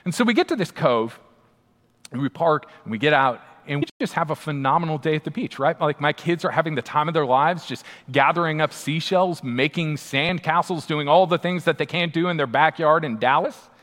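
A man's voice: a little high, a little fast. A man in his thirties telling a funny, self-mocking story to a live audience in a large hall. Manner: animated, self-mocking, punchy delivery. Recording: long hall reverb.

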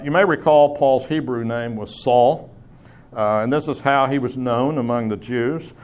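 A man preaching a sermon, teaching in a conversational way with asides and small self-corrections. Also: mid-range voice. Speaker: pastor.

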